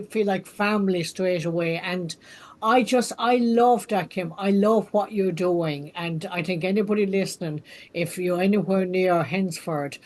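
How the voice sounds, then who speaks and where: A woman hosting an interview, speaking earnestly with many affirmations; she says she trained as a counsellor. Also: fairly low pitch. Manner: warm, earnest, frequent affirmations and restarts. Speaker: podcast host and counsellor. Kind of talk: casual interview chat.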